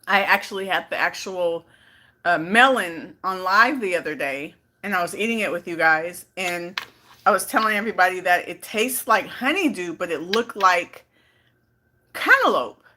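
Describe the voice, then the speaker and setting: A woman's voice: fairly low pitch, expressive, normal speed, pushed and bright. A woman from California chatting casually on a live stream, playful and talkative, reading out viewer comments. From California, Bay Area. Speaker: vlogger on a livestream.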